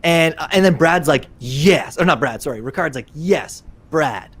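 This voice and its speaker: A man co-hosting a fan podcast, retelling events in an animated, excitable way with many restarts. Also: on the high side, fast talker. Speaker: podcast co-host. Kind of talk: casual chat.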